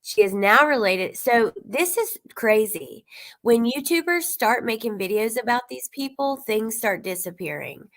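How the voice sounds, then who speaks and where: A woman's voice: fairly high pitch, lively intonation, a little slow, fairly bright tone. A woman YouTuber giving casual, rambling true-crime commentary and talking straight to her viewers. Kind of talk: casual commentary reacting to clips.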